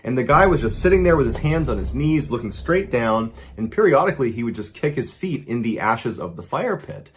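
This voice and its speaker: Male host telling a scary tale, hushed-to-excited swings, animated pitch. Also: a little fast, hardly any pauses, a little hiss or hum. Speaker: storyteller host. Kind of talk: true scary story narration.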